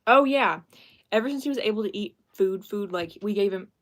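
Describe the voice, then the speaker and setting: A woman's voice: mid-range voice, fast, dark tone. A young woman chatting casually on a live stream, self-deprecating and thanking viewers as she talks.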